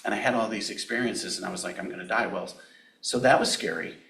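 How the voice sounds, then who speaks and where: A man speaking to an audience at a spiritual center, an animated storyteller who acts out the dialogue of his tale. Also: lowish voice, fast, creaky, distant mic. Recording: echoey room from off-mic.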